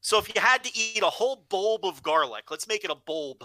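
Bright, forceful man telling a story. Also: high voice, brisk, no room sound, poor audio. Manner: profane, animated storytelling. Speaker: podcast co-host. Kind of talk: casual podcast chat.

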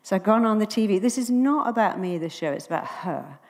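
A woman's voice: mid-range voice, a little fast, long reverb tail. Woman telling a story on stage. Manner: animated storyteller, acting out quoted dialogue. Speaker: therapist giving a talk.

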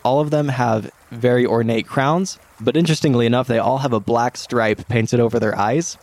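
A man's voice: medium pitch, moderate pace, no echo. Man narrating as game master. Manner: descriptive, steady.

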